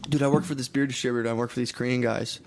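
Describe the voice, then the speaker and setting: A man's voice: medium pitch, fairly even intonation, rapid-fire, creaky. A man in his thirties co-hosting a podcast, telling rambling, crude anecdotes in casual comedic chat. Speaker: podcast co-host.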